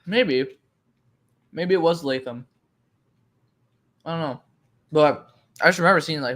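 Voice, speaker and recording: A young man co-hosting a casual chat, excitable, laughing often and swearing casually. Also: a little high, unhurried, pauses often. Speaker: co-host.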